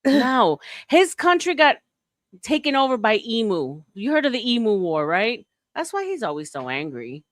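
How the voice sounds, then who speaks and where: A woman's voice: fairly high pitch, big pitch swings, normal speed, no echo, studio quality. A woman hosting a casual group voice chat, teasing and laughing as she talks. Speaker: stream host.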